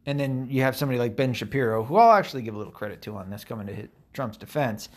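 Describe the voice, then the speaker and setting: A man's voice: medium pitch, very fast. Profane, sarcastic man ranting. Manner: profane, sarcastic, rambling with many fillers. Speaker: political commentator. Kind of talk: casual ranting commentary.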